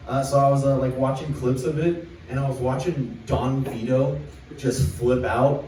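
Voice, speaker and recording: A man's voice: medium pitch, fairly even intonation, moderate pace, dark tone, slight background noise. A young man doing a rambling, crude stand-up set at an open mic, reading jokes off a list on a small club stage. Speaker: stand-up comedian. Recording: echoey club recorded from far off.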